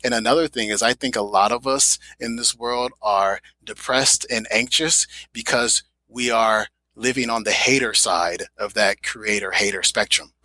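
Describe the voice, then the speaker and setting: A man's voice: on the low side, normal speed, hardly any pauses, sharp tone, no echo, rough recording. A man speaking as a podcast guest in a motivational interview, emphatic and repeating phrases for effect.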